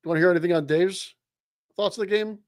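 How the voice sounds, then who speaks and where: A man hosts the chat in a slightly high voice and keeps it moving with questions. He is heard over a video call, and the sound is dry and close. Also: quick pace, no room sound. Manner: steering the talk with questions. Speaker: host. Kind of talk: casual chat.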